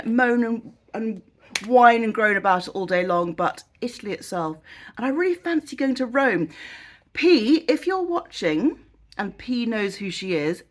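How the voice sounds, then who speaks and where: A woman with a British accent, chatting casually through a food haul vlog in a rambling, self-mocking way. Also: medium pitch. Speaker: haul vlogger. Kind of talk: casual chat.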